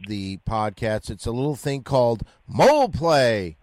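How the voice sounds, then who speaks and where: A man's voice: mid-range voice, big pitch swings, unhurried, a little mellow. A man hosting a comedy podcast, talking in a loose, rambling, jokey way. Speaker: podcast host. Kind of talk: casual comedy podcast banter.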